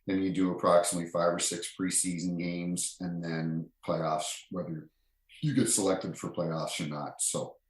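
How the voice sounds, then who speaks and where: A man's voice: low voice, level tone, moderate pace. A middle-aged man, a retired referee, telling stories as a podcast guest in a chatty, rambling way with many fillers and restarts. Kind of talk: casual anecdotal storytelling. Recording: roomy echo.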